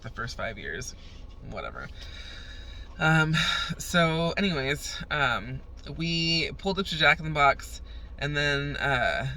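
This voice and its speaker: Sharp-voiced young woman ranting. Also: deep voice, a little hiss or hum. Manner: profane, fired-up storytelling rant. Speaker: vlogger. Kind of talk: ranting casual vlog.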